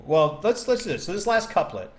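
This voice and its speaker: A man casually teaching a poem on a livestream, chatty and animated, thinking aloud and tapping out rhythms. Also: high voice, a little fast, slight background noise. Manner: taps out rhythm with nonsense syllables. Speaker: streamer explaining a poem.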